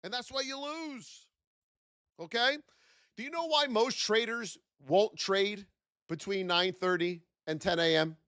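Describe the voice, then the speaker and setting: Man hosting a trading live stream, bright voice, lively swooping delivery, rhetorical questions, close dry sound. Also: high-pitched, measured pace, clean tone, no echo. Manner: animated, rhetorical questions, shouts out viewers.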